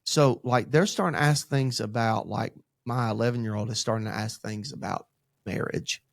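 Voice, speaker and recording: A man's voice: medium pitch, normal speed, vocal fry, no room sound, clean studio sound. A man, co-hosting a church podcast as a pastor in training, telling stories about his kids in a casual, rambling way. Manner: rambling, animated storytelling with acted-out quotes. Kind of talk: casual faith discussion.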